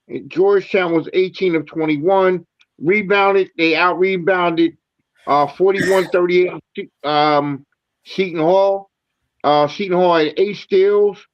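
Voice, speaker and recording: Man, fairly high voice, halting delivery, stat recap, dull lo-fi sound. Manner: halting, many fillers and restarts reading stats. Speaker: show host. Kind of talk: postgame sports talk.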